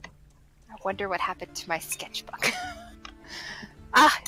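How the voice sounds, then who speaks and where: A woman voicing a boastful, excitable century-old female gnome dressmaker in a tabletop game, giggling often. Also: a little high, moderate pace, faint music behind. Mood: wistful, proud. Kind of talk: in-character tabletop role-play.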